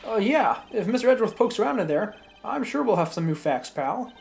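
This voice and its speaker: A woman's voice: mid-range voice, sing-song, a little fast, vocal fry, darkish tone, faint music behind, pitched above the performer's own voice. A woman doing an eager, bumbling detective.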